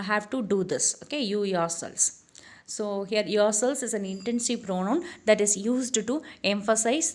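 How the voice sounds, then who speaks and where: A woman teaching English grammar, who fills her explanations with "uh" and restarts and repeats each example slowly. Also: a little high, a little mellow. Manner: many "uh" fillers and self-corrections, repeats the examples slowly.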